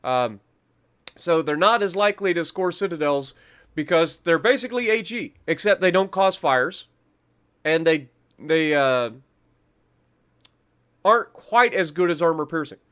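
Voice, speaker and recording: A man's voice: fairly high pitch, expressive, unhurried, pauses often, a bit bright, clean tone. A man hosting a gaming channel, reading out patch notes in a chatty, self-mocking way, stumbling over foreign names and breaking into little rants. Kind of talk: casual patch-notes commentary.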